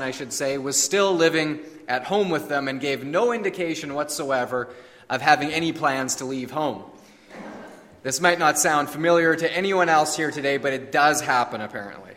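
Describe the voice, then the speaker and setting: A man preaching as a pastor, praying earnestly before his sermon with frequent pauses and fillers. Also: a little high, fairly bright tone. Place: church sanctuary. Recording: long reverb of a large hall.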